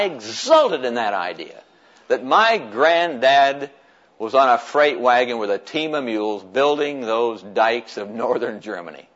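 An older man from the United States recounts a story with animated energy, often chuckling and acting out the voices of people he met. His voice sits at an ordinary pitch for a man. The recording sounds dull and lo-fi. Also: a little slow. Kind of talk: personal storytelling to an audience.

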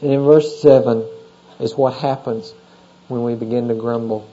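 A man's voice: mid-range voice, fairly even intonation, normal speed, dark tone, faint music behind. A male pastor teaching a sermon through scripture, talking casually and often checking in with the congregation with questions. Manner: conversational, asks the congregation questions. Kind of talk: expository sermon. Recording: dull lo-fi sermon recording.

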